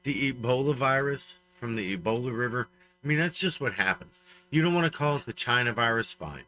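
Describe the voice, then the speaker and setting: A man's voice: medium pitch, expressive, fairly quick, pushed and bright, a little hiss or hum, low-quality recording. A man co-hosting a comedy podcast, giving emphatic, ranting opinions in casual banter. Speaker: podcast co-host.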